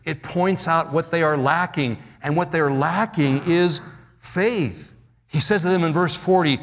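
Preacher, male, slightly high pitch, acts out quotes, reverberant hall. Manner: dramatic, acts out Bible quotes, slows for emphasis. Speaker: pastor. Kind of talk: sermon.

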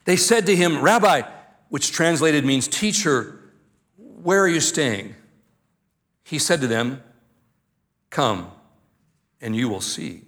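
An older man, a grandfather, preaching a sermon as pastor, reading scripture aloud and then teaching with slow, deliberate emphasis on key words. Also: a little high, animated, fairly bright tone.

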